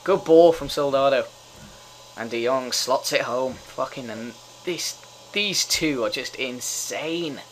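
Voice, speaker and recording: A man's voice: mid-range voice, slow pace, a little hiss or hum, low-quality recording. A young man giving casual live commentary over a football management game, swearing freely and cheering when his team scores. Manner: excitable, swears often, cheers at goals. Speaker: gamer doing live commentary.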